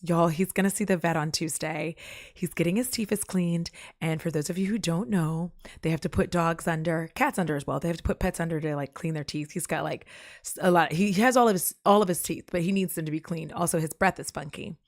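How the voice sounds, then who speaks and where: A woman's voice: fairly low pitch, brisk, dry recording, studio quality. A woman chatting casually on her live stream, rambling from topic to topic and cracking jokes and puns. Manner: jokey, rambling, fond of puns. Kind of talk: casual chat.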